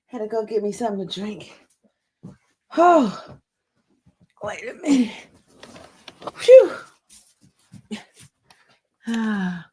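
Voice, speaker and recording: A woman's voice: a little high, darkish tone, breathy edge. A woman hosting a casual livestream, chatting playfully with a guest and laughing often. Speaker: livestream host.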